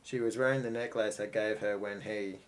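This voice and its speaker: A man's voice: on the low side, fairly even intonation, normal speed, natural voice, low-quality recording. A man reading aloud the lines of a grieving, vengeful widow in a video game, in a plain voice. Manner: plain read-aloud delivery of game text. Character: grieving young widow, woman, bitter and vengeful.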